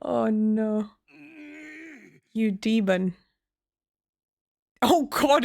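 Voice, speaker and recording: A woman's voice: on the high side, expressive, a little slow, long pauses. A woman playing a video game, reading its lines aloud and reacting with emotional exclamations. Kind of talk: let's play commentary.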